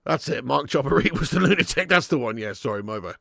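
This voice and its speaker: A man hosting a live football watch-along, who shouts at the big moments and laughs a lot between them. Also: mid-range voice, fast, gravelly, no echo, clean studio sound. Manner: excitable, shouts at goals, laughs often.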